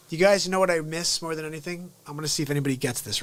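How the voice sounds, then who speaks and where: Energetic man hosting a comedy live stream. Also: on the high side, very fast, hardly any pauses, no room sound. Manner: energetic, jokey, talks to chat viewers.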